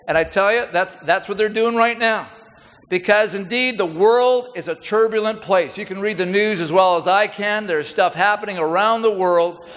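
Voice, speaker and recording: His voice sitting high and a bit bright, a middle-aged senior military figure speaks at a moderate pace to a crowd in a big hall. The speech is folksy and conversational, built around anecdotes, and the room's reverb is audible.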